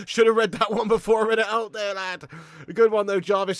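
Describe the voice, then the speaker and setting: A brash man hosts a live football watch-along and reads out viewer comments. His banter is loose and full of swearing. His voice sits on the high side, and the recording is dry and close, with no room sound. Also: a little slow, pauses often, a bit bright, no echo. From England.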